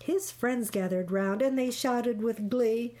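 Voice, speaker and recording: A woman reading a rhyming picture book aloud in a rhythmic, expressive way. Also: on the high side, slow. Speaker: storybook reader.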